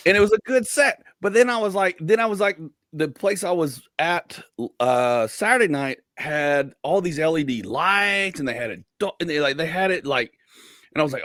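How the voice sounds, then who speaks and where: A man's voice: fairly high pitch, animated, normal speed, fairly bright tone, no echo, clean studio sound. A man hosting a casual talk, telling rambling stories and often quoting other people in put-on voices. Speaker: podcast host. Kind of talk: casual chat.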